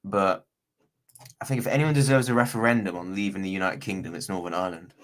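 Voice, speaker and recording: A man from Bristol, England, joins a video call livestream as a guest for a casual chat, rambling and slangy, with many restarts. His voice is low and steady, and he talks quickly.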